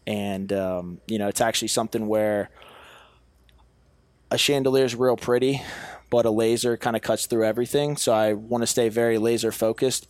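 Earnest young man, low and dry. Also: dry recording. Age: young adult. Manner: earnest, self-assured, restarts phrases. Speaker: podcast guest, business owner. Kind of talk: casual podcast chat.

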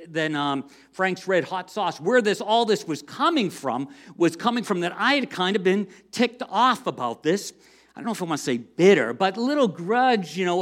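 A middle-aged man from the US, a pastor preaching a sermon in a conversational, animated storytelling way with self-deprecating humor. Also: high-pitched.

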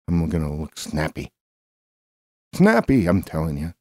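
A man's voice: extremely low pitch, huge pitch swings, measured pace, mellow, no echo, studio quality, full character voice. A man voicing a simple, eager jobless drifter who rambles and repeats himself in an improvised comedy bit. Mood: determined.

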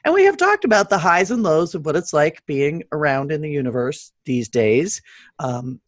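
A woman's voice: deep voice, no echo. A middle-aged woman hosting a podcast in casual chat, joking and laughing often. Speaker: podcast host.

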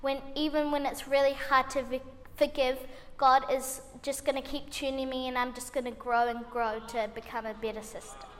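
Hesitant testimony: high-voiced woman, flat delivery, heard in a reverberant hall. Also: moderate pace, a little hiss or hum. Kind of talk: short testimony.

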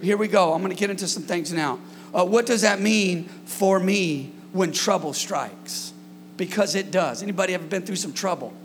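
A man preaching a sermon to his congregation, energetic and calling out to them, sometimes shouting at his peaks. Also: sits high, big-room sound, a little hiss or hum. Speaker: pastor. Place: church hall.

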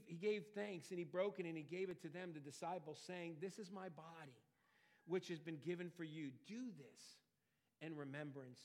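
A man preaching a sermon, earnest, swelling louder and dropping quiet for emphasis. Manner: earnest, rises and falls in pitch and loudness for emphasis. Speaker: pastor.

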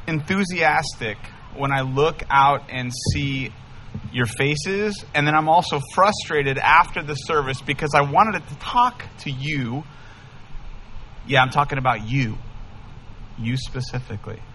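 A man in his thirties, a pastor, telling a humorous story in an animated, enthusiastic sermon. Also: on the high side, a little hiss or hum. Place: church sanctuary.

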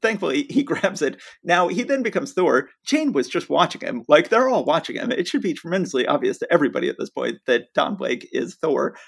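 A man's voice: on the high side, sing-song, a little fast, gravelly, few pauses. A man co-hosting a podcast, recapping a comic's plot in an enthusiastic, storytelling way. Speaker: podcast co-host.

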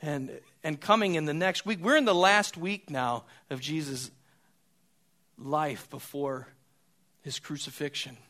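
A man preaching a sermon, moving between quiet, hushed stretches and loud, raised passages, and often repeating a word as he restarts. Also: fairly high pitch. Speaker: pastor.

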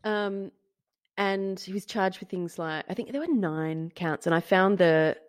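A woman co-hosting a casual podcast, telling a story with gleeful, animated energy and the odd swear. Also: medium pitch, measured pace, clear, resonant tone, no echo, studio quality. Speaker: podcast co-host. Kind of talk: casual chat.

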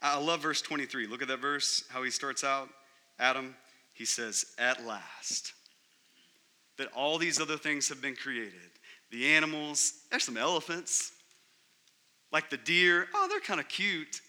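Bright-voiced male pastor preaching. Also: unhurried. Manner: conversational, emphatic, drops low and quiet for stress. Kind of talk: sermon.

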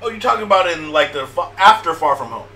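A man's voice: a little high, animated, fast talker, bright, forceful tone. A man in casual chat who rambles enthusiastically and laughs easily.

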